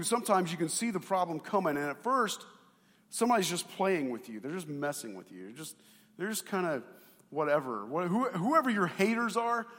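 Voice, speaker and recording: A high-voiced man preaches as a pastor in an animated, conversational way, swinging between loud emphasis and quiet asides and putting questions to the congregation. The recording has long hall reverb.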